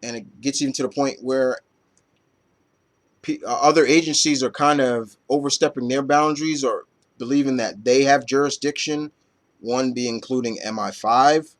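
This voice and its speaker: A man's voice: medium pitch, normal speed. Rambling casual comic reviewer, man. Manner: rambling, loose, lots of fillers and casual swearing. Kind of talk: casual chat.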